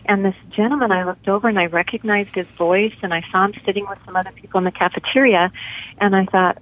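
A woman's voice: medium pitch, fairly even intonation, fast talker. Middle-aged woman on a tinny phone line. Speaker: guest. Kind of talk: sharing a faith story.

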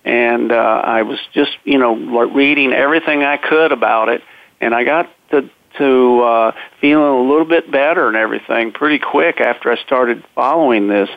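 A man telling his personal story in an earnest, plain-spoken way, pausing on "uh" and restarting his sentences often. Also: mid-range voice, gravelly, no echo. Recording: dry, narrow phone-like sound.

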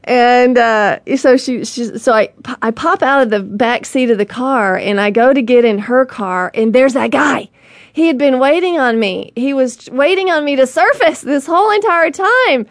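A woman's voice: high voice, normal speed, no echo, clean studio sound. A woman hosting a show, telling a wild personal story in a rambling, candid way full of "you know" and restarts. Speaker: show host. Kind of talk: personal storytelling monologue to an audience.

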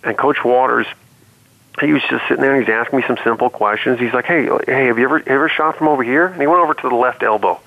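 A man's voice: mid-range voice, fast talker, gravelly. A man guest telling a personal story earnestly in a casual conversation, heard over a call line. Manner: earnest storytelling with many restarts. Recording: tinny phone-like line.

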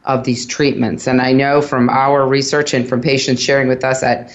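A man's voice: medium pitch, level tone, moderate pace, muffled recording. A man hosting a radio interview, asking guiding questions and summarizing advice earnestly. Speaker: radio show host.

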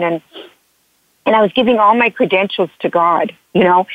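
A woman's voice: mid-range voice, fairly even intonation, measured pace, no room sound. A woman author and couples counselor telling her story in an interview, earnest and emotional, often repeating herself. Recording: dry tinny phone line.

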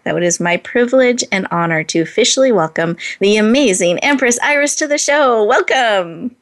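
A woman's voice: a little high, expressive, normal speed. A woman hosting an interview podcast, gushing and enthusiastic, laughing often. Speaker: podcast host.

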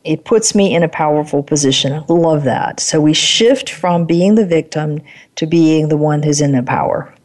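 A woman's voice: low voice, moderate pace, darkish tone. A woman hosting an interview, affirming and summing up her guest's points. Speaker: interview host.

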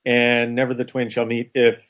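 A man telling a personal story in a casual, animated conversation, laughing often. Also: mid-range voice, normal speed. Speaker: co-host. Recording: dull lo-fi sound.

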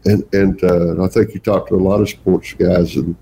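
A man's voice: deep voice, fairly even intonation, normal speed, dark tone, a little hiss or hum, poor audio. An older man with a Texan accent, a guest telling folksy, rambling stories in a casual interview. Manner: folksy, rambling storyteller with chuckles. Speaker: guest Santa performer.

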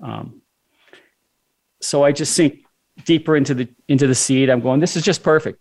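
Man telling a story, acting out dialogue. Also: medium pitch. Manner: conversational storyteller who acts out his own dialogue.

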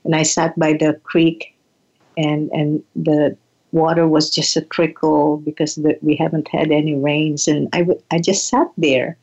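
An older woman telling reflective stories in an unhurried, halting way, often repeating words as she thinks. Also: sits low, little pitch movement, a little mellow, husky, poor audio. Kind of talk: reflective storytelling.

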